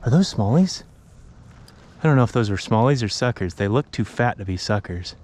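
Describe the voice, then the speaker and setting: A young man narrating his fishing trip outdoors on a river, tired from paddling, bursting into excited exclamations and talking to the fish. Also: on the low side, fairly quick, a little hiss or hum. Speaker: fishing vlogger. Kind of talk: casual narration while fishing. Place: outdoors on a river, in a kayak and wading.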